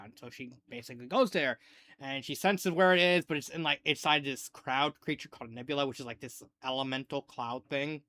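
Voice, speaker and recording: A man giving a casual spoken review, rambling with lots of "like" and getting animated as he retells scenes. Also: medium pitch, brisk, no room sound. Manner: rambling, heavy use of "like". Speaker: fanfiction reviewer.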